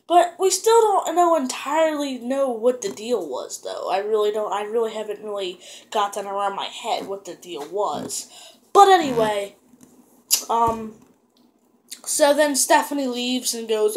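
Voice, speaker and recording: A woman casually recapping a wrestling show, rambling with lots of fillers and restarts and getting excited as she goes. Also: medium pitch, moderate pace.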